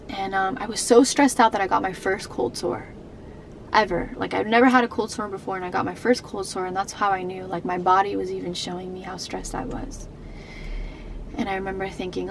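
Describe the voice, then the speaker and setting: A woman's voice: medium pitch, vocal fry, a little hiss or hum, rough recording. A young adult woman vlogging to camera, telling a personal story in an emotional, rambling way with many fillers and restarts.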